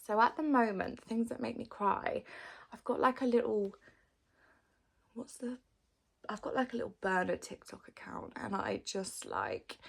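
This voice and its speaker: A woman's voice: on the high side, expressive, a little slow, gravelly. A woman in her thirties chatting casually as she answers follower questions, using lots of fillers and sometimes dropping into a whisper. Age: 30s. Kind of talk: casual chat.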